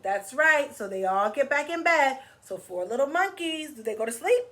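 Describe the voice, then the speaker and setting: Very animated yet unhurried, this children's story time host reads aloud in a high, pushed, bright voice. She sings, asks questions and playfully coaxes the kids to move and join in.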